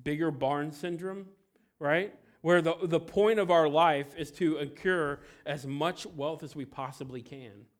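A man preaching a sermon who speaks with emphatic stresses and lets phrase endings fall quiet. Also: on the high side, unhurried. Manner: emphatic, swings between loud stresses and quiet trailing endings; acts out quoted voices in a story. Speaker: pastor.

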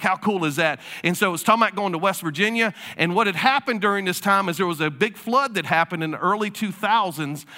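Male pastor, sermon, conversational storyteller, bright tone. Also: high voice. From South Carolina. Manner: conversational storytelling preacher, casual fillers.

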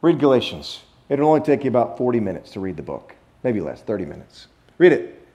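A man preaching a sermon to a church congregation, talking in a conversational way, laughing easily and stretching out key words for emphasis. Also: mid-range voice. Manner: conversational and animated, with playful laughs and drawn-out emphasis. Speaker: pastor. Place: church sanctuary.

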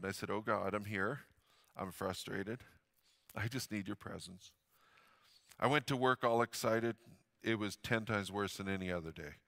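A middle-aged man preaching a sermon as a pastor, telling stories earnestly and swinging from loud emphasis to hushed, quiet lines. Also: lowish voice.

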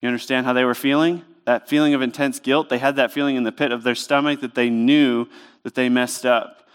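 Smooth-voiced pastor preaching conversationally. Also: male voice, medium pitch, steady tone, a little fast. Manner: conversational, emphatic preaching with rhetorical questions. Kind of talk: sermon. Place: church.

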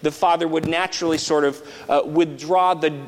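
A man's voice: on the high side, steady tone, normal speed, long reverb tail, low-quality recording. A man preaching an expository sermon, explaining step by step in a thoughtful way, with frequent restarts.

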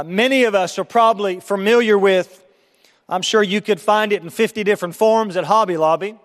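A man with a notably high voice preaches to his congregation, earnest and emphatic, stumbling over and repeating words as he presses his points. His voice rings out with the long reverb of a church hall. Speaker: pastor. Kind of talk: sermon. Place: church sanctuary.

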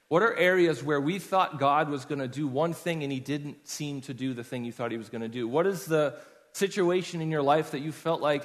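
A man's voice: fairly high pitch, brisk. A man preaching a sermon in a conversational way, telling personal stories to his congregation. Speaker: pastor. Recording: long hall reverb.

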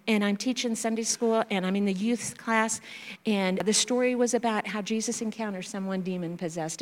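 A woman missionary sharing stories in a church talk, animated and acting out children's voices. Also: a little high. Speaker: missionary speaker. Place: church sanctuary. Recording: reverberant church hall.

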